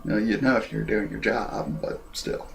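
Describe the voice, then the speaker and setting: A man giving a casual, rambling review of an anime episode and clearing his throat often. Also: fairly low pitch, steady tone, normal speed, faint music behind.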